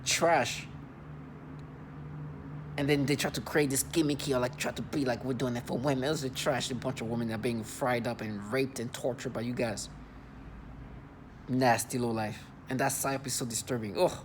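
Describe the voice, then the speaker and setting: A man's voice: mid-range voice, fairly even intonation, noisy background. A man talking to camera in an agitated personal monologue, indignant and disgusted, stumbling and repeating words as he goes. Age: adult. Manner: halting, repeats and restarts words. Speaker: vlogger.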